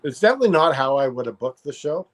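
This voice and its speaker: A man's voice: medium pitch, sing-song, fast talker. A man co-hosting a casual podcast chat, joking and self-mocking. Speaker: podcast co-host.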